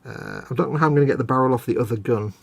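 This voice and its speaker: A man's voice: medium pitch, racing, gravelly, breathy edge. Chatty man hosting a hobby stream. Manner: chatty, self-deprecating, narrating his work. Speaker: host. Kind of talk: casual live-stream chat while building a model kit.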